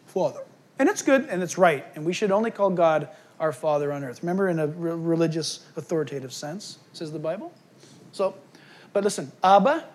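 Animated man preaching a sermon. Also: high voice. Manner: animated preaching, swinging from shouts to hushed asides. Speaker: pastor.

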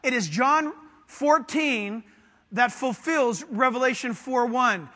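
A man's voice: extremely high pitch, animated, takes it slowly, pushed and bright. A man preaching a sermon to his congregation with fervent emphasis, putting questions to them and waiting for answers. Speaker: pastor. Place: church sanctuary. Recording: long hall reverb.

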